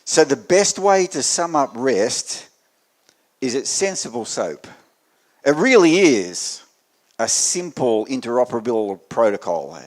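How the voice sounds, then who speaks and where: A man with an Australian accent giving a technical meetup talk to an audience, with dry joking asides and swings in loudness. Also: medium pitch, big pitch swings, unhurried. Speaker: conference speaker. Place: meetup venue before an audience.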